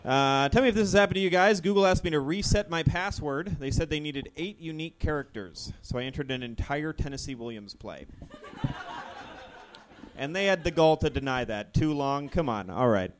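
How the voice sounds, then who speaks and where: A man doing a live stand-up set of awkward, deadpan one-liners in a ballroom venue. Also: on the high side, normal speed. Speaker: stand-up comedian.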